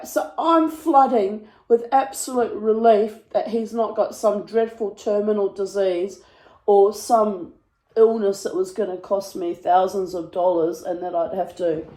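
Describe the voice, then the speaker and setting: A woman tells a story in a lively, dramatic way, her voice mellow and warm in tone. She is recorded in an echoey room. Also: mid-range voice. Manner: dramatic, breathless retelling with put-on voices. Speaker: vlogger. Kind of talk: casual storytelling to camera.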